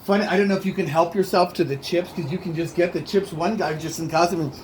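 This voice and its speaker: Casual man, halting rambler who loses his thread, light voice, faint hiss behind. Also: sits high, steady tone. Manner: rambling, halting, self-interrupting storyteller. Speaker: comedian. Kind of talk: casual chat.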